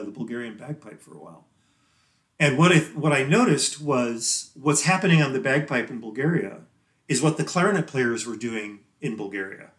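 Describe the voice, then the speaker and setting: A man talking as a guest musician in a casual interview, rambling and chatty and quick to laugh. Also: mid-range voice, a bit bright. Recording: roomy echo.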